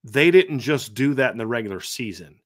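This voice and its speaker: A man's voice: mid-range voice, lively intonation, fairly quick. A middle-aged man hosting a sports podcast, animatedly reeling off statistics with frequent restarts. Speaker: podcast host. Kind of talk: sports analysis chat.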